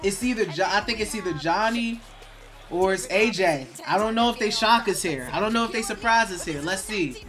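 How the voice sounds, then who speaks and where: A man's voice: high voice, lively intonation, moderate pace, a bit bright, soft background music. A man hosting a live draft watch party, restless and nervous, chatting with viewers and reading their comments aloud. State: nervous and excited. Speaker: live stream host.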